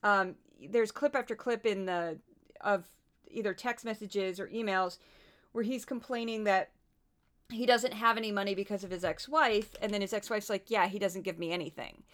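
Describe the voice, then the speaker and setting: A podcast host with a Midwestern American accent offers casual commentary in an animated, chatty way, full of asides. Her bright voice sits at medium pitch and moves at normal speed.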